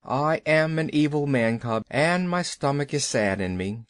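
A man's voice: on the high side, expressive, measured pace, no room sound, studio quality. A man voicing a young boy in a children's audiobook, his voice raised to sound boyish. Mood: contrite. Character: young boy raised by wolves, curious and impulsive. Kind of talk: audiobook character voice.

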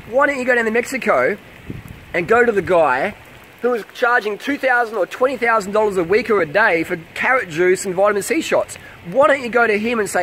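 A man's voice: very high voice, bright, forceful tone, a little hiss or hum, rough recording. A man, ranting defensively to camera in a vlog, swearing and repeating himself in a heated way. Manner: profane, heated, repeating questions. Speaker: vlogger.

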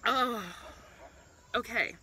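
Bright-voiced woman live-streaming. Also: a little high, extremely slow, husky, low-quality recording. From South Africa. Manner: earnest and passionate, with many ums and self-restarts. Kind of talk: casual live-stream commentary. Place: outdoors in a public spot.

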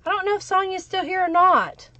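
Hosting a live crafting tutorial, a woman chats and thinks aloud as she works, giving shout-outs to viewers by name. Her very high-pitched voice is brisk and sharp, captured in a dry recording.

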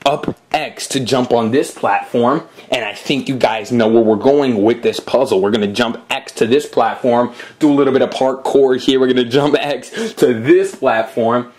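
A man with a mid-range voice talks viewers through a game, step by step. He keeps his commentary chatty and casual, with friendly asides and quick apologies for his mistakes. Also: mid-range voice, darkish tone. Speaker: gameplay host.

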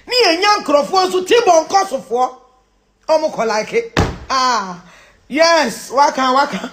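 A Ghanaian woman giving a preachy moral lecture, mixing Twi and English, jumping from shouts down to hushed near-whispers. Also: sits high, expressive, normal speed, a little hiss or hum. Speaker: social commentator.

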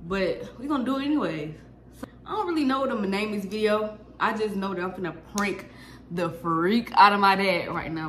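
A teenage girl talking casually to camera in a slangy, excitable, nervous ramble. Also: mid-range voice. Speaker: vlogger. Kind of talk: casual vlog chat to camera. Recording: echoey room with music behind. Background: music.

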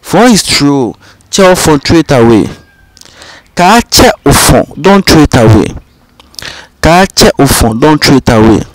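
A man teaching vocabulary, saying each phrase twice in a calm, patient way. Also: on the high side, measured pace, no room sound, low-quality recording. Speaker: language teacher. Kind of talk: slow, repetitive vocabulary drill.

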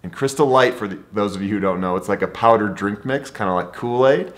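A man's voice: on the low side, a little fast. A man and travel vlogger telling a story to camera in an enthusiastic, conversational way.

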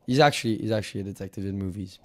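A man's voice: lowish voice, rapid-fire, a little mellow, voice pushed down, natural voice. A man putting on a haughty French investor. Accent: put-on French. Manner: haughty, bossy haggling. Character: pompous male French business investor.

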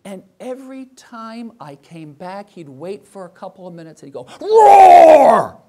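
A man's voice: high voice, big pitch swings, normal speed. An older man, a professor, giving a reflective sermon full of rhetorical questions. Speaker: professor and chapel speaker.

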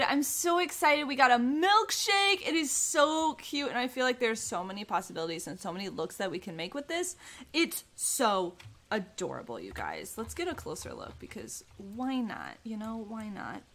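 Bubbly, lively-voiced young woman gamer. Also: high-pitched, moderate pace. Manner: bubbly and gushing, lots of "oh my gosh" and "like". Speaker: gaming YouTuber. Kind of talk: casual gameplay commentary.

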